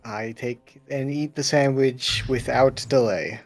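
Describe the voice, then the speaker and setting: A man playing a tabletop game, answering in a terse, grumpy way. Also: mid-range voice. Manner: slow, terse, grumpy replies. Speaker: player. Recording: faint music behind.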